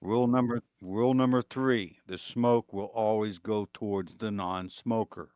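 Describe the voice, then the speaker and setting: A man's voice: lowish voice, fairly even intonation, moderate pace, a little mellow, clear, resonant tone, dry recording, studio quality. A man chatting as a guest on a livestream, folksy, laying out his rules of life matter-of-factly. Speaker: guest caller. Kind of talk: casual chat.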